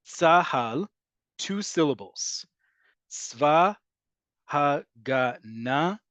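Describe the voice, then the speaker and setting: A man teaching an online language lesson, explaining patiently and repeating key words slowly for emphasis. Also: mid-range voice, no echo. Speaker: Hebrew teacher.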